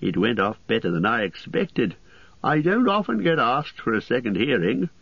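A man's voice: mid-range voice, big pitch swings, moderate pace, slightly rough, dry recording. A man doing an old, chatty hobbit poet. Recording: dry, slightly muffled studio audio.

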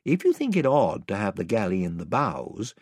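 Husky, animated male storyteller. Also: on the low side, moderate pace, no echo, studio quality. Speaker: audiobook narrator. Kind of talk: expressive reading of a children's novel.

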